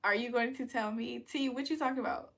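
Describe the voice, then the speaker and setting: A woman's voice: fairly high pitch, steady tone, a little fast, fairly bright tone. A woman hosting a livestream, chatting casually with viewers and answering them playfully, laughing often. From United States. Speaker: livestream host. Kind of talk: casual livestream chat reading comments.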